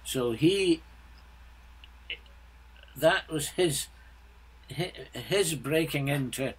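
A man in his seventies, a guest composer, talking bluntly in a halting, restart-filled way in a casual interview. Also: on the high side, slightly rough, low-quality recording. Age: 70s.

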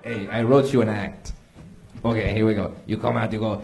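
A man on a comedy panel who pitches jokes in a dry, mock-helpful way. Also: flat delivery, moderate pace, vocal fry, a little mellow. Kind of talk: live comedy panel banter.

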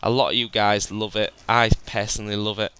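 Bright, crisp gaming host. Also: male voice, on the low side, level tone, brisk. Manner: chatty, rambling, says "guys" often. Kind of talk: gameplay voice-over commentary.

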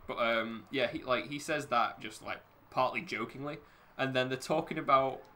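A man's voice: mid-range voice, normal speed, bright, forceful tone. A man playing a racing game, rambling, laughing often and swearing a lot. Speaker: gamer commentating his play. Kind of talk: casual gaming chat.

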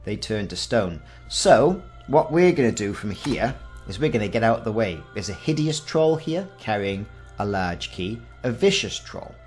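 A man in his forties hosting a casual game walkthrough, reading the game's text aloud with wry asides. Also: mid-range voice. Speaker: gaming channel host.

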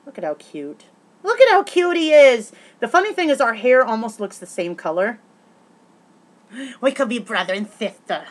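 In a fairly low-pitched voice, a woman vlogs casually and rambles, restarting often and leaning on fillers. Every so often she gets excitable and lets a swear word slip.

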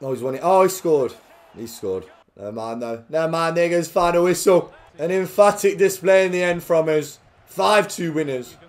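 Young man, fairly high-pitched, jokey football game commentary with loud bursts. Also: normal speed. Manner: jokey, swings between quiet play-by-play and loud excited outbursts. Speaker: gaming commentator.

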